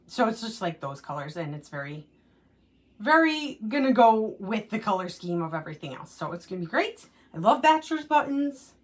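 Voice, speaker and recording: A woman hosting a casual gardening vlog, chatting upbeat about her seedlings indoors, with lots of "um" and "like". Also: medium pitch. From United States. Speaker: gardening channel host. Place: indoors at a window plant rack.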